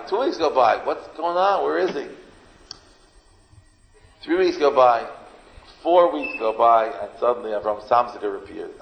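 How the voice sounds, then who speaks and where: Gravelly-voiced rabbi in an echoey hall. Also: male voice, mid-range voice, slight background noise. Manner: repetitive, emphatic, sprinkled with Yiddish and Hebrew terms. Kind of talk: sermon with storytelling. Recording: echoey hall, dull lo-fi sound.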